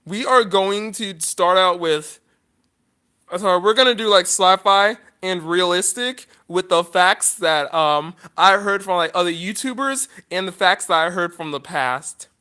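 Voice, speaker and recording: Male vlogger, high clear voice, emotional, rambling, apologetic, lots of false starts. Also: a little slow, sharp tone. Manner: rambling, apologetic, many restarts. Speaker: YouTuber. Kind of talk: casual vlog monologue.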